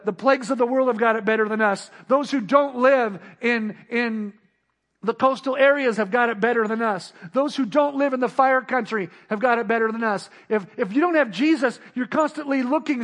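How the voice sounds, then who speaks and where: Male preacher, very high-pitched voice, emphatic sermon delivery with rhetorical questions and refrains. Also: fairly bright tone. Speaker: pastor.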